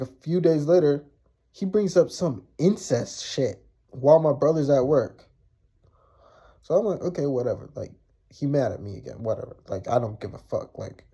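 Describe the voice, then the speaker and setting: A man's voice: fairly high pitch, mellow. A young man casually telling a personal story, blunt and profane, rambling with lots of fillers.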